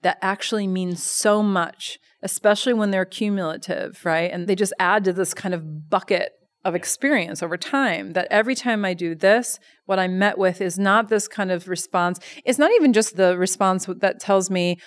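A woman guest on an interview, an educator who tells stories in a lively, animated way with many fillers. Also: medium pitch, normal speed, few pauses. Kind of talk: conversational interview.

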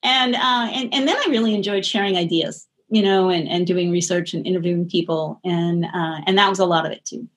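A middle-aged woman with a lowish voice speaks at a moderate pace as a guest in a casual interview. She rambles chattily, restarting often and laughing lightly.

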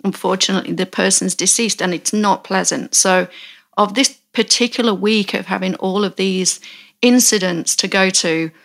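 A woman in her forties hosting a podcast, telling a story in a candid, halting way and often restarting her sentences. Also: mid-range voice, gravelly, fairly bright tone. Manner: candid, halting, self-correcting. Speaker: podcast host. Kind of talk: storytelling in casual chat.

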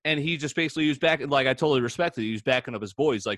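A young man in his twenties casually telling a story to a friend, relaxed, full of fillers and swearing. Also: mid-range voice, racing, hardly any pauses, dry recording. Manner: laid-back, swears, lots of "like".

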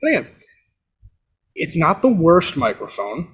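A man talking casually over a video call, explaining audio gear as a podcast guest, with a relaxed, filler-heavy manner. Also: on the high side, a little slow, breathy edge. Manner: relaxed, chatty, lots of fillers like "you know" and "um". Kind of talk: casual explanatory chat, demonstrating microphones. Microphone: switching between webcam mic and USB condenser over a video call.

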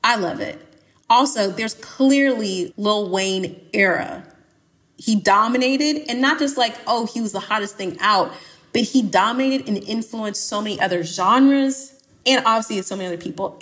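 An American woman from Atlanta, a podcast guest chatting casually. She talks emphatically, punches her points hard and leans into playful exaggeration. Her voice sits at a middle pitch. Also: normal speed, a bit bright. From Atlanta, USA. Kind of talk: casual conversation.

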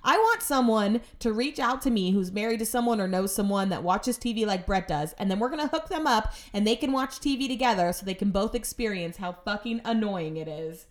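A woman's voice: medium pitch, expressive, fairly quick, hardly any pauses. A woman telling stories about her home life in a casual monologue, chatty and exasperated, with sarcastic asides.

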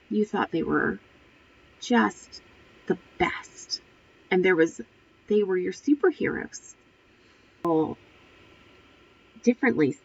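A woman's voice: mid-range voice, slightly rough, lo-fi sound. A woman in her forties hosting a solo podcast, talking earnestly and encouragingly in a casual, conversational way. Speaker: podcast host and spiritual coach. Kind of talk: solo motivational talk.

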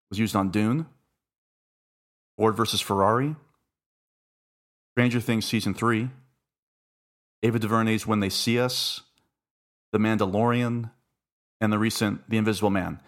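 Young guy hosting a podcast, low gravelly voice, jokey and rambly. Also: fairly bright tone. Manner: chatty, jokey, self-interrupting. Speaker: podcast host. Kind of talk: casual chat.

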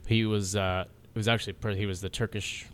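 Low-voiced guy hosting a chatty podcast, reads his notes loose, faint room hum. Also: little pitch movement, fairly quick, a bit bright. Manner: laughing, swearing, loose narration. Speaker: podcast host. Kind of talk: casual chat, reading notes.

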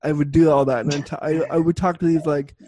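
A young man with a slightly raised pitch hosts a casual podcast chat. He talks bluntly and crudely, joking as he goes. His voice sits dry and close on the mic. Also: fairly even intonation, fast, mellow, no echo. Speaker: podcast host.

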